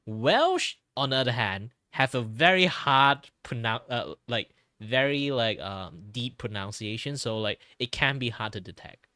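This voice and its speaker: A man's voice: medium pitch, animated, measured pace, hardly any pauses, pushed and bright, dry recording. A man from Malaysia hosting a casual art stream chat, rambling with lots of "like" and restarts. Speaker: streamer host.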